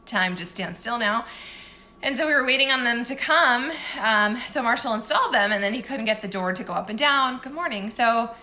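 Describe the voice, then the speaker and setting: A woman's voice: fairly high pitch, expressive, moderate pace, pushed and bright. A woman chatting candidly in a casual morning vlog as a fitness coach, self-deprecating and often laughing.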